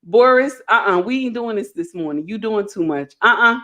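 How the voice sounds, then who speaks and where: A middle-aged woman hosting a live stream, reading viewer comments aloud with animated, playful scolding. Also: medium pitch, normal speed. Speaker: host.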